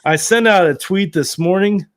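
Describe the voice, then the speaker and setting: A man's voice: sits high, normal speed. Joking man hosting a sports podcast. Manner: joking, running a contest segment. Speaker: podcast host. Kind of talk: casual chat.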